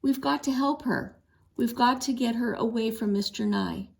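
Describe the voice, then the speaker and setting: A woman's voice: on the high side, normal speed, gravelly. Woman voicing an eager bold young girl. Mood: pleading. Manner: eager, pleading.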